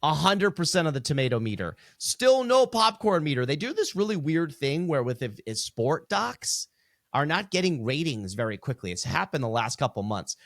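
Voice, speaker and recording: A man co-hosting a podcast in casual chat, blunt and profane, ranting with animated energy. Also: on the high side, moderate pace, no room sound, studio quality. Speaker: podcast co-host.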